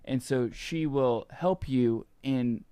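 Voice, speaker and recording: A man's voice: medium pitch, dark tone, clear, resonant tone, dry recording, clean studio sound. A man co-hosting a Catholic podcast, talking about prayer in casual chat, often stumbling over his words with uhs and restarts. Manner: halting, with many restarts and uhs. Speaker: podcast co-host.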